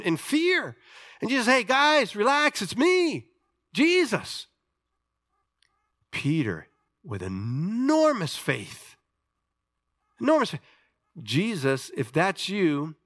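A man preaching a sermon, telling a story with animated delivery and questions to his listeners. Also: a little high. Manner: animated storytelling, acting out voices, asks the audience questions.

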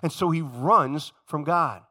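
A man preaching a sermon in church, animated and emphatic, acting out the voices of the story he retells. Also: a little high, slow pace. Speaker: pastor. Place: church sanctuary.

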